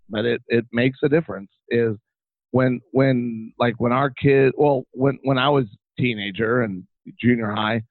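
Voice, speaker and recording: A middle-aged man chats casually as an interview guest, telling stories animatedly with many restarts. His mid-range voice has no echo, carried over a tinny, phone-like line.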